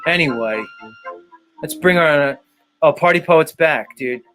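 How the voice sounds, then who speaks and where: A man's voice: on the high side, takes it slowly, sharp tone, soft background music. A man hosting a livestream show, ranting in a sarcastic, mock-exasperated way and swearing often. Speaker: show host. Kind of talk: casual sarcastic livestream rant.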